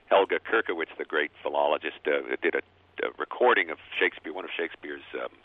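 Deep-voiced male linguist guest, stammering restarts, thin phone-line sound, dry. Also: dry recording. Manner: halting, repeats words often. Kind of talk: radio call-in conversation.

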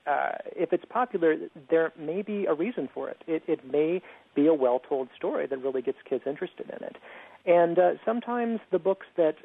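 A man's voice: on the high side, expressive, moderate pace, gravelly. A man speaking as an author guest on a radio show, earnest and thoughtful, often repeating words as he starts a thought. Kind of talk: radio interview. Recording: tinny phone line.

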